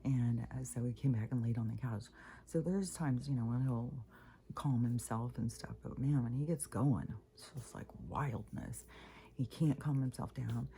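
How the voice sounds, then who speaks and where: Woman vlogger with a very low, dark voice, rambling casually and dropping into whispery asides. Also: moderate pace. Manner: rambling, many fillers, drops into whispery asides. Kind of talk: casual spiritual vlog monologue.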